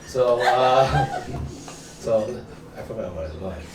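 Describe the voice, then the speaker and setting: A man's voice: medium pitch, moderate pace, heavy background noise. Nervous man doing stand-up, roomy far mic. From Mexico. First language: Spanish. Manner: nervous, chuckling between jokes. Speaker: stand-up comedian. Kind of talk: open-mic stand-up set. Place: small comedy club. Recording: roomy club recording from far off. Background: audience laughter.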